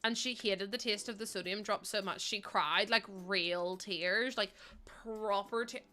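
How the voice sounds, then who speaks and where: Bright-voiced chatty woman streamer. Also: medium pitch. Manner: chatty, reads and answers viewer messages, laughs often. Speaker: livestreamer. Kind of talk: casual chat while streaming a game.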